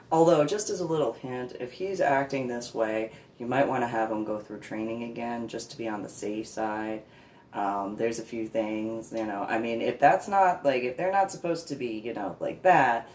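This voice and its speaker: A woman telling a rambling personal anecdote, laughing often and slipping into a high, babyish voice when she quotes. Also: a little mellow, slight background noise. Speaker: storyteller. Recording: echoey room, far from the mic.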